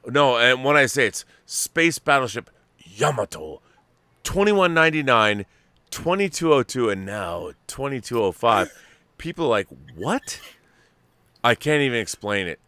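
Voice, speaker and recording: A middle-aged American man hosting a casual chat, rambling and animated, full of restarts. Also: medium pitch, moderate pace, smooth, no echo. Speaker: host.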